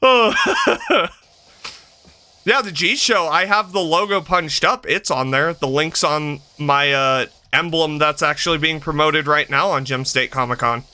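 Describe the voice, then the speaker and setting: A man in his thirties hosting a game stream, his talk casual and full of cursing and laughter. His voice sits high and swings widely, with a very bright, sharp edge. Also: a little slow. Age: 30s. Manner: animated, profane, laughs often. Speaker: streamer host. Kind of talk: casual chat while gaming.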